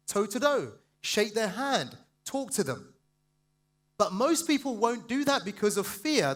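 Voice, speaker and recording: A man giving a passionate, fast sales seminar and quizzing the audience. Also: sits high, fairly bright tone. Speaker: sales trainer speaking at a seminar. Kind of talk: live motivational seminar talk.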